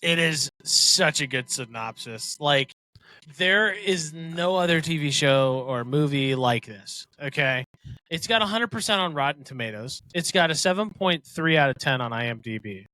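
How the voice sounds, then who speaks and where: A man co-hosting a podcast in a bright, forceful voice that sits a little high. He chats casually and laughs often. The sound is close and dry. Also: animated, normal speed, no echo. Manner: laughs often, reads a synopsis aloud. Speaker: podcast co-host. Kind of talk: casual chat.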